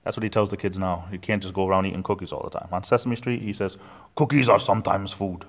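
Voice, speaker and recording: A man's voice: sits low, fairly even intonation, rapid-fire. Rambling man chatting on a livestream. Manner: rambling, chatty, reads chat comments aloud. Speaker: livestream host. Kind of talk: casual livestream chat. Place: at home.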